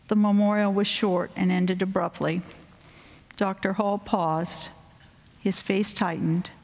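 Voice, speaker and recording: A middle-aged woman professor giving a personal faith testimony at a chapel gathering, speaking in a measured, earnest way. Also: medium pitch. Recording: long reverb of a large hall.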